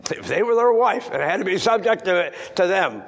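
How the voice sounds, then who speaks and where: An older man preaching in a church, moving between loud emphatic lines and hushed near-whispers. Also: high-pitched, expressive, normal speed, creaky. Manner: old-fashioned scripture reading, repeats words for stress. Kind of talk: sermon.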